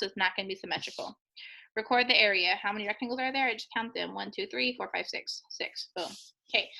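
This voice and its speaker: A woman's voice: fairly high pitch, creaky, pushed and bright, rough recording. A woman teacher talking students through a math review, chatty and encouraging, joking with the class as she counts out answers.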